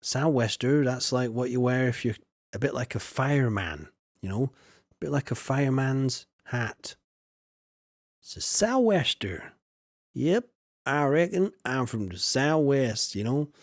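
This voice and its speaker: A man's voice: medium pitch, expressive, unhurried, no echo, clean studio sound. A man, casually commenting while streaming a farming game, chatty and jokey as he reads chat aloud.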